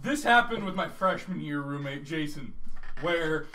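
A young man co-hosting a podcast in casual chat, laughing and shouting as he acts out a story. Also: on the high side, animated, measured pace, far from the mic, a little hiss or hum.

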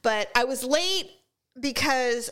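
Animated middle-aged woman telling stories. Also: high voice, slow pace, clean tone. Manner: animated storyteller, acts out voices. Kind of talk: casual chat.

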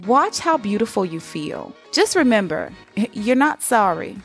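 A woman's voice: medium pitch, sing-song, a little slow, creaky, faint music behind. A middle-aged woman, hosting a solo podcast and talking in an encouraging, conversational way. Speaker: podcast host. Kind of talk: solo motivational podcast talk.

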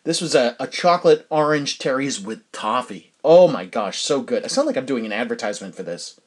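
A middle-aged podcast host from New Hampshire speaks in a mid-range voice with lively intonation, a little fast and with a breathy edge. Hosting his casual solo show, he rambles and chats, often stopping to restart sentences and leaning on fillers.

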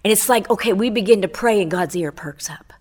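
A woman's voice: mid-range voice, a little fast, a little mellow. A middle-aged woman giving a fervent spoken testimony on a radio program, quoting scripture and swelling on key phrases.

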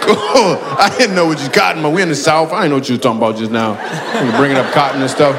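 A man's voice: a little high, a little fast, creaky, very noisy. A man doing stand-up crowd work, telling stories and teasing audience members with bursts of laughter. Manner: loose, teasing, storytelling with bursts of excited laughter. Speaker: stand-up comedian taking audience questions. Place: large hall before a live audience. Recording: live hall with long reverb.

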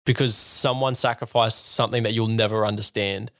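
A man's voice: fairly low pitch, fairly even intonation, brisk, fairly bright tone, no room sound. Earnest rambling young man. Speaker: podcast co-host. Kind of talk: casual faith discussion.

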